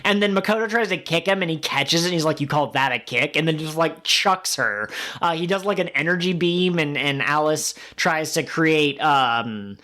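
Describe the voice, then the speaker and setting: A man's voice: fairly high pitch, normal speed, hardly any pauses. Man animatedly recapping anime episodes. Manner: animated retelling with quoted character lines. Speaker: podcast co-host.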